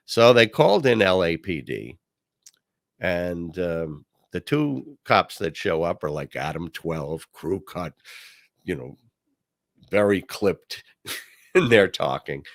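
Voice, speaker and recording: A man hosting a podcast, telling a personal story in a casual monologue. He acts out the quoted voices at a higher pitch and drops low and quiet on his asides. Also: animated, unhurried, no echo, clean studio sound. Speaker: podcast host.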